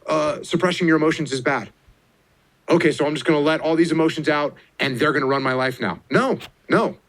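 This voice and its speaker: A man in middle age talks with a fairly high voice, hammering points home with blunt repetition. His pitch leaps up sharply on the words he wants to stress, like a motivational speaker driving home advice. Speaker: former military officer giving advice. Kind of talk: emphatic motivational talk.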